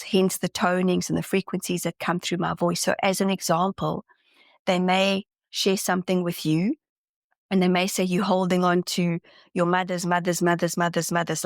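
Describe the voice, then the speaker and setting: A woman who works as a spiritual channeler appears as a guest on a podcast, speaking earnestly and enthusiastically in a casual interview and frequently restarting sentences. Her voice is lowish and gravelly, recorded cleanly in a studio with no echo.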